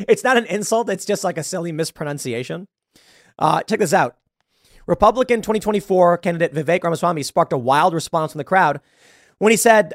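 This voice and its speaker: A man's voice: sits high, no room sound, studio quality. A man hosting a political commentary show, talking in a blunt, emphatic, conversational way. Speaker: show host.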